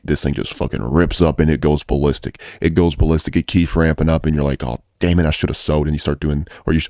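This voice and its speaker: With a rumbling, somewhat mellow low voice, a man coaches traders in an informal video, cursing bluntly and repeating himself to hammer in each point. The studio-quality recording carries no room sound.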